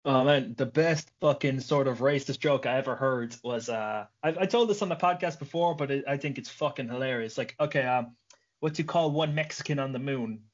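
A man's voice: mid-range voice, fairly quick, highs cut off. A man hosting a podcast, chatting casually, joking and swearing as he rambles. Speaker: podcast host. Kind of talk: casual chat.

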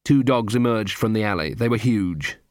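A man narrating an audiobook, telling a comic story in an even, dry manner on a close studio mic. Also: on the low side, moderate pace, dry recording. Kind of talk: scripted narration.

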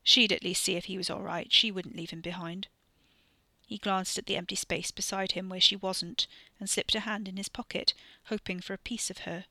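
A woman narrating a novel in a steady, even storytelling voice. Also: mid-range voice, normal speed, vocal fry, no echo. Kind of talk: audiobook fiction reading.

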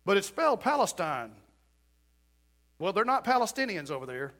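Preacher guy, high bright voice, folksy sermon with jokes for the church crowd. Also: sing-song, normal speed. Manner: folksy, joking asides to the congregation. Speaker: pastor.

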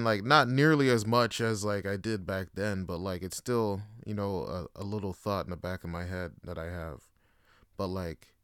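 A man's voice: low voice, clean tone, no echo, clean studio sound. A young man talking in a laid-back, slangy way in a casual solo podcast monologue, swearing and using many fillers. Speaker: podcast host.

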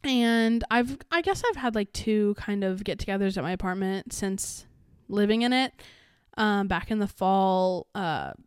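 Young adult woman, podcast host, casual rambling chat, lots of fillers, smooth clear voice, dry close sound. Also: medium pitch, unhurried, dry recording. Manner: rambling, chatty, many fillers and restarts.

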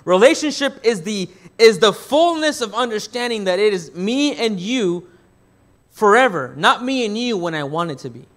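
A man's voice: sits high, expressive, normal speed. A man preaching a sermon as pastor. He asks the congregation questions and answers them himself, rephrasing as he goes. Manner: rephrases and restarts mid-thought.

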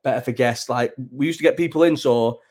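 A man's voice: medium pitch, a little fast, darkish tone. Sweary young man in rambling chat. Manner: loose, sweary, rambling banter with many restarts. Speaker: livestream host. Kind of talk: casual chat.

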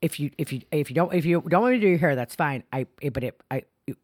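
A woman's voice: sits low, quick pace, darkish tone, no echo, clean studio sound. A young woman co-hosting a podcast in casual chat, rambling and laughing often, restarting her sentences mid-thought. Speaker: podcast co-host.

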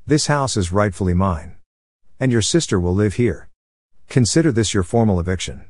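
Bossy entitled middle-aged mom, read by a man, low and commanding, dry close sound. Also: animated, normal speed, a little mellow, no room sound.

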